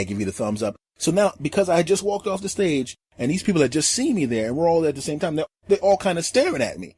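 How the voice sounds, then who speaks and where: A husky-voiced middle-aged comedian spins a story with lively swings in pitch. He is emphatic and animated, voicing every scene himself. The sound is dry and close. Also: rapid-fire, few pauses, no room sound. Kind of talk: comic storytelling.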